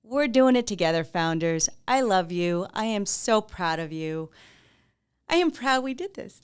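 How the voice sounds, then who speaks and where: A woman's voice: medium pitch, lively intonation, unhurried, clean tone. A woman hosting a podcast, talking casually and candidly to her listeners, laughing often and swearing freely. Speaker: podcast host.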